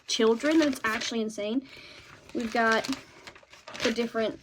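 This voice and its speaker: A young woman vlogging in a chatty, excitable way about her favorite shows and books, often ending points with "okay?". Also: on the high side, a little fast, pauses often, a little hiss or hum.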